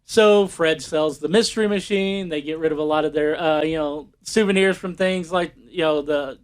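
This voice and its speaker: Guy with a high voice chatting on a podcast, rambly, lots of "you know"s. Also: normal speed, clear, resonant tone. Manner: rambling with many fillers. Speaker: podcast co-host. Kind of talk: casual chat.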